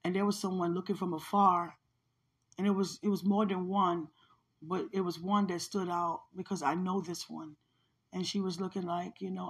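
A woman's voice: medium pitch, little pitch movement, normal speed, breathy edge. A woman minister sharing a personal spiritual testimony in a heartfelt, conversational way, often repeating phrases for emphasis.

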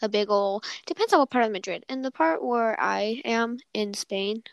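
Giggly, rambling young woman, high voice. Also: moderate pace, vocal fry, dry recording, lo-fi sound. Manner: giggly, rambling, self-interrupting. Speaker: podcast co-host. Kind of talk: casual chat.

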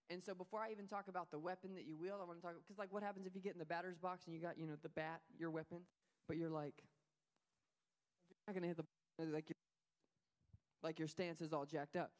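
A woman's voice: on the low side, fairly quick. Casual-talking woman preaching a sermon. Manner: casual, storytelling, acts out quoted voices. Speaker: pastor.

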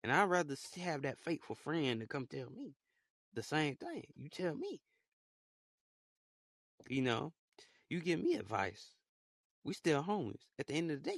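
A man's voice: medium pitch, no room sound, clean studio sound. Young man rambling through a heartfelt podcast. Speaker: podcast host. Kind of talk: casual solo podcast monologue.

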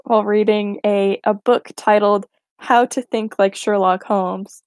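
A woman's voice: mid-range voice, steady tone, measured pace, a little mellow, clean tone, dry recording. A woman co-hosting a podcast, recapping a film in casual chat with dry, wry remarks. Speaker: podcast co-host.

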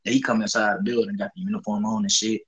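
This young adult man from the Southern US co-hosts a casual barbershop chat, telling a story in profane slang, acting out quotes and laughing often. He talks fast in a lowish voice with a breathy edge, and his storytelling is animated.

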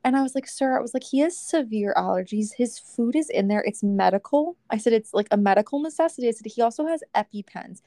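A woman rants her way through everyday stories on a podcast, acting out what other people said and laughing along. Her voice sits fairly high and the recording is close and dry. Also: expressive, fast, few pauses, warm tone, no room sound. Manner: chatty, ranting storyteller, quotes people, laughs often. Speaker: podcast co-host. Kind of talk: casual chat.

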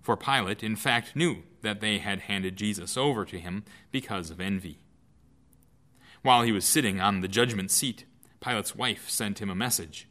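A man reading a scripture lesson aloud in an expressive, emphatic way. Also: fairly low pitch, normal speed. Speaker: Bible lesson reader.

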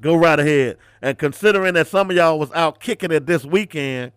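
A man's voice: brisk, smooth, no room sound, clean studio sound. A man hosting a radio talk show, ranting and mocking his listeners in casual commentary. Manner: preachy, ranting, mocking, switches between loud rants and low asides.

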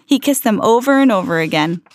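A woman hosting a read-aloud podcast, reading a children's storybook and slowing down for the suspenseful moments. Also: mid-range voice, expressive. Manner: slows down and swells for dramatic moments.

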